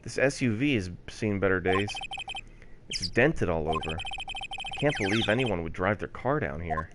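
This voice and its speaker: A man's voice: low voice, animated, normal speed, very noisy. A man voicing a flustered young male defense lawyer who mutters and stammers. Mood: observing. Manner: hesitant, mumbling, stammering. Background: background music.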